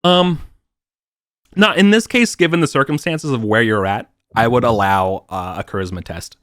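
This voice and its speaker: A man narrating as game master over a voice call, halting and full of fillers. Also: mid-range voice, a bit bright, no echo, clean studio sound. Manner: halting, many fillers and restarts. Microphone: computer mic on voice call.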